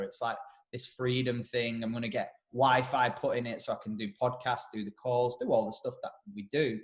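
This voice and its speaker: A man's voice: medium pitch, fairly quick. Rambling man in a roomy room. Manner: rambling, frequent restarts, blunt and casual. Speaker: podcast co-host, personal development coach. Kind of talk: casual podcast chat. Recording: roomy echo.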